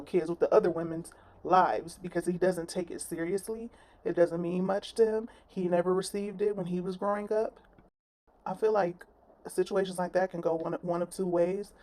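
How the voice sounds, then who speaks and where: A woman's voice: fairly low pitch, mellow. Sassy woman doing blunt commentary. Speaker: commentary vlogger. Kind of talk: reaction commentary.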